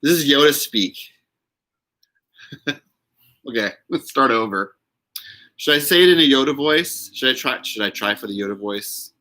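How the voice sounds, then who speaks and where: A man's voice: mid-range voice, lively intonation, moderate pace, pauses often, bright, forceful tone. A man hosting a casual live stream, chatting with viewers in a giggly way and reading their names aloud.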